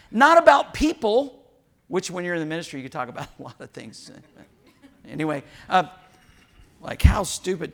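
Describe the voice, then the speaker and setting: A man's voice: high-pitched, a bit bright. A man preaching a sermon in church as pastor, candid and frank, with joking asides and quoted dialogue.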